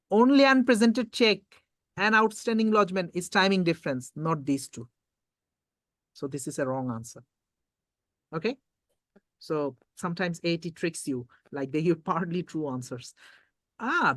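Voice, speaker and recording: An accounting tutor giving an exam revision lecture, reading questions aloud slowly and quizzing students with repeated points. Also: medium pitch, dry recording, clean studio sound.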